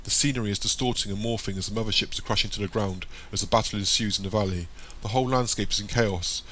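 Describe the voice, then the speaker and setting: Low, bright male narrator. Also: fast talker, a little hiss or hum. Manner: steady, descriptive reading. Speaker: audiobook narrator. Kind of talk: audiobook narration.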